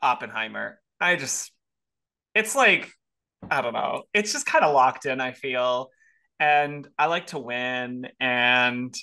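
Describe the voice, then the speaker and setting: Chatty, bright-voiced man podcaster. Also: mid-range voice, lively intonation, takes it slowly, clean tone. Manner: chatty, rambling with fillers, exclamatory. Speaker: podcast host. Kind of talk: casual chat.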